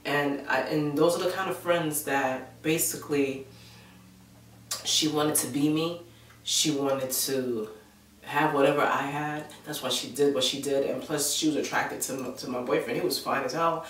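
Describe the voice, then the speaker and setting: A woman vlogger telling a personal story in a casual, animated way. She acts out the voices of the people she quotes and fills gaps with "blah blah". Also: low-pitched, moderate pace. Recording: echoey room, mic at a distance.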